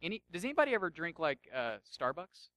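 A man pastor giving a sermon in a conversational, jokey way, often dropping to a soft, intense tone. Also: fairly high pitch, very animated, quick pace, dry recording.

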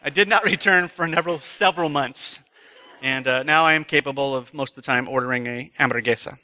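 Guy giving a sermon at a retreat, chatty, pokes fun at himself, really bright tense tone. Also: mid-range voice, brisk. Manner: self-deprecating, chatty storyteller. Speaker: retreat speaker. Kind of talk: sermon with a humorous personal story. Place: live talk before an audience.

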